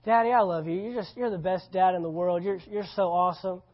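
A man's voice: sits high, a little fast. A man putting on a whiny stammering little boy. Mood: gushing. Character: pleading little boy, son avoiding chores. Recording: slightly dull lo-fi recording.

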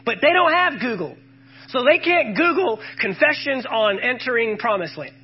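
Male preacher with a high voice, emphatic and call-and-response, on a muffled recording. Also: sing-song, moderate pace, slightly rough. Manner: emphatic, calls out to the congregation and quotes scripture. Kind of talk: sermon.

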